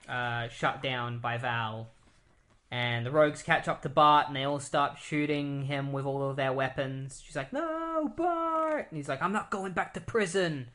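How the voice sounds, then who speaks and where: Male podcast host, mid-pitched, loose and chatty comic book recap. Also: bright, forceful tone. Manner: casual, filler-heavy retelling.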